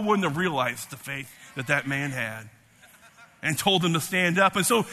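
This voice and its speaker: A man's voice: expressive, normal speed, bright, forceful tone, in a large hall. A man in his fifties preaching a sermon, emphatic and repetitive, tearful as he rises to fervent peaks. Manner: emphatic, repeats words, rising to fervent pitch.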